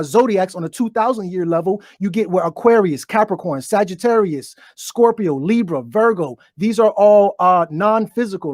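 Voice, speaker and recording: Talking into a desk mic that gets knocked during the segment, this online show host stutters through a preachy, curse-filled monologue aimed at viewers. The medium-pitched voice comes through clean, with no room sound.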